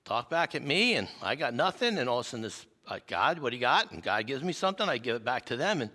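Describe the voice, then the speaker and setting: A male pastor preaching with lively, self-deprecating stories. His bright voice swings up and down in pitch. Long reverb fills the church sanctuary. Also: fast talker. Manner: animated, self-deprecating storyteller. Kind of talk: sermon with personal storytelling.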